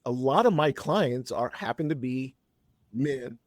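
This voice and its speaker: A man's voice: medium pitch, expressive, measured pace, darkish tone, dry recording, clean studio sound. A man in his fifties, a podcast guest, telling a long personal story in a chatty, rambling way with frequent restarts. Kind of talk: casual storytelling.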